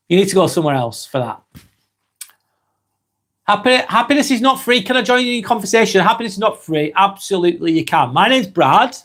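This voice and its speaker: A man in his forties with an East Lancashire accent, hosting a live stream and reading out viewer comments in a slow, halting way with many ums. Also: high voice, fairly bright tone. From England. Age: 40s.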